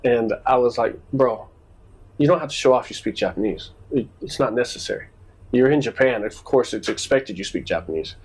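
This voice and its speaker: Man, casual podcast co-host, husky voice, animated storyteller. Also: medium pitch, a little fast, rough recording. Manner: animated storyteller acting out quoted exchanges.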